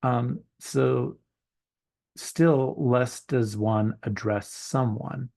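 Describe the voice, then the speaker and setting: A man giving a recorded university lecture, hesitant and full of ums and uhs, thinking aloud and slowing down on examples. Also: mid-range voice, fairly even intonation, vocal fry, a little mellow, no room sound. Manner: slows down on quoted examples.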